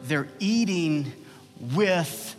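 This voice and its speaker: A man's voice: animated, very slow, long reverb tail, faint music behind. A man preaching a sermon with passion, asking the listeners questions and letting his voice swell at key points. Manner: passionate, rhetorical questions, swells in pitch and volume. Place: church sanctuary.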